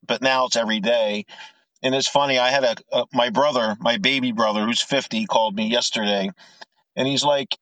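A man's voice: mid-range voice, fairly bright tone, dry recording, poor audio. Chatty man in his fifties calling in. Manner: chatty storyteller, joking. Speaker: caller. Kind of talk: casual chat.

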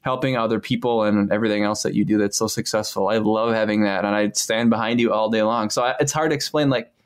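A man's voice: on the low side, steady tone, fast talker, clean tone. A man in his thirties, co-hosting a casual chat with his wife, easygoing and supportive, often repeating words as he thinks. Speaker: podcast co-host.

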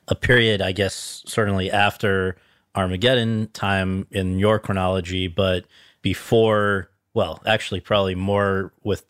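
A man's voice: low voice, fairly bright tone, dry recording. A man hosting an interview, setting up his questions with long lead-ins. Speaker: interviewer host.

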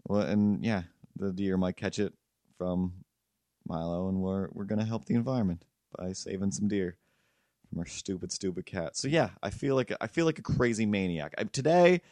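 A man's voice: sits low, normal speed, dark tone, dry recording. A man hosting a podcast, telling a rambling, profane story in casual chat. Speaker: podcast host.

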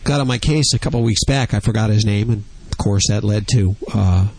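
A man's voice: lowish voice, fairly quick, creaky, darkish tone, slightly rough, no echo. A man hosting a radio show, bantering casually with co-hosts and laughing easily. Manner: joking, laughs easily, plays along with co-hosts.

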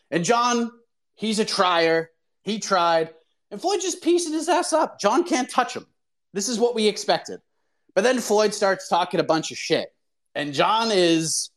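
A male show host giving a profane, exasperated rant about a sports event. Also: a little high. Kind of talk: ranting commentary.

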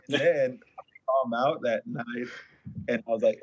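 A former baseball pitcher, a man chatting casually and relaxed, with many fillers. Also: normal speed, pauses often, slightly rough, no echo. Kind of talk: casual chat. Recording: muffled lo-fi audio.

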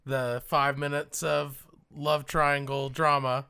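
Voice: mid-range voice, flat delivery, slow, vocal fry, pushed and bright, clear, resonant tone. A podcast co-host chatting casually about a film, with dry, wry asides. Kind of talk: casual chat.

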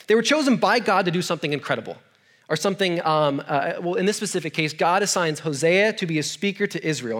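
A man with a fairly high voice preaches as a youth pastor, mixing scripture with funny personal stories. He talks casually, tosses in self-deprecating jokes and keeps asking his listeners questions. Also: a bit bright. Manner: joking asides and self-deprecating humor; conversational, asks the audience questions. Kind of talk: humorous storytelling sermon.

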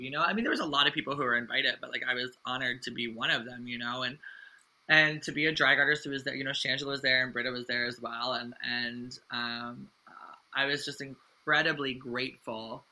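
Chatty guy in his 30s, super bright sharp voice, lots of like and you know, gushing. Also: medium pitch, brisk, rough recording. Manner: chatty, lots of fillers and restarts; earnest and effusive. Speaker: guest, drag artist. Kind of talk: casual interview chat.

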